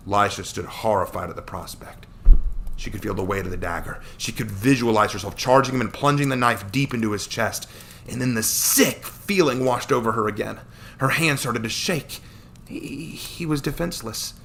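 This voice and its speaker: A man reading his own fantasy story aloud, narrating in a steady, plain way. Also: fairly low pitch, moderate pace, a little hiss or hum.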